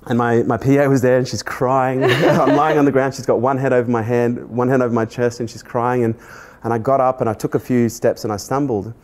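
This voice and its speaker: A middle-aged man, a podcast host, speaks at an ordinary medium pitch. He tells a personal story earnestly to his guest and grows animated as he recounts it. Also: a little fast, hardly any pauses. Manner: earnest, animated when retelling dialogue, laughs at himself.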